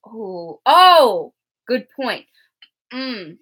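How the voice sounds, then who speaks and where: A young woman co-hosting a casual TV recap chat, animated and laughing often as she acts out characters. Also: a little high, extremely slow, breathy edge. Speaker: co-host.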